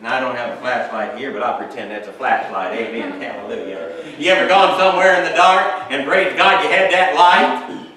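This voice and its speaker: A man's voice: medium pitch, fairly even intonation, moderate pace, crowd noise. A man, preaching a sermon as pastor, reading scripture and sprinkling his talk with amens and hallelujahs. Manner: reads scripture aloud, then preaches with frequent amens and hallelujahs. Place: church sanctuary. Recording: echoey church hall, mic far off.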